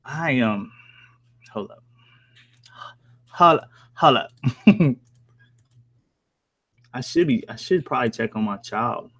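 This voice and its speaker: A man's voice: mid-range voice, lively intonation, takes it slowly, gravelly, long pauses, no room sound. A man with an accent that blends New Jersey and Southern country talks loosely and casually, reading and answering viewer comments on a live stream. He swears freely and chuckles often, and his voice sits in the middle range. The sound is close and dry. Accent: mix of New Jersey and American Southern country. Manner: loose, laid-back and profane, with frequent chuckles. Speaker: horror story narrator live-streaming. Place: at home.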